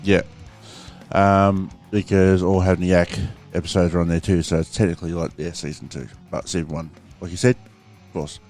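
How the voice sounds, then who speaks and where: A man's voice: sits low, little pitch movement, brisk, a little mellow, soft background music. A man hosting a podcast in casual chat, rambling with fillers and plenty of swearing. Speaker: podcast host.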